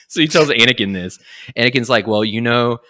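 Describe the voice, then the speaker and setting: Bright-voiced man retelling a story, lively. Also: mid-range voice. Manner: animated, acts out lines in quick quotes. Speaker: podcast host. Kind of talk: casual retelling of a comic.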